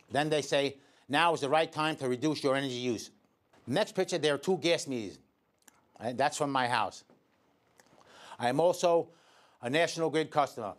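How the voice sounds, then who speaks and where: New guy, pretty high voice, indignant and sarcastic, calling people out in his own commentary show. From Staten Island, New York. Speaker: host, electrician. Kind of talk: scripted editorial commentary.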